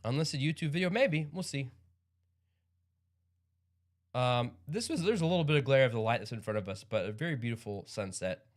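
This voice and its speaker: A man's voice: mid-range voice, expressive, moderate pace, long pauses. A man hosting a livestream in casual chat, rambling and upbeat with frequent chuckles. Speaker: livestream host.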